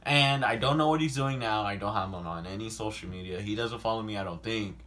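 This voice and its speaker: Young male vlogger, storytime delivery, bright tone, swearing, lots of filler words. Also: on the low side, fairly quick. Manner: animated, swears often, heavy "like" filler, sudden loud outbursts. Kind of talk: casual storytime monologue.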